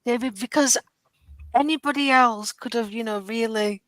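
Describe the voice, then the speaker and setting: A woman's voice: on the high side, moderate pace, a bit bright, slight background noise. A woman on a review panel, chatting casually and often murmuring agreement.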